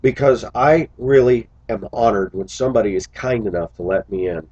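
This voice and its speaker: A man's voice: lowish voice, normal speed, a little mellow, breathy edge, no echo, dull audio. A man who drives a school bus, talking earnestly to his viewers in a casual, reflective monologue full of little stories.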